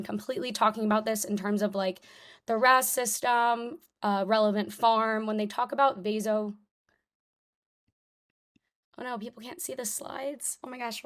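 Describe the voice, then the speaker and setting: A young woman teaching a live online review lesson in a casual, chatty way, full of fillers like "um" and "like". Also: medium pitch. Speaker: tutor.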